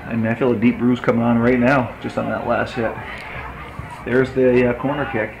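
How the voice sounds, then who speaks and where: A man's voice: medium pitch, level tone, normal speed, vocal fry, crowd noise. A man doing play-by-play commentary for a local game, chatty and joking with his co-announcer. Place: outdoor sports field. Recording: noisy outdoor field broadcast.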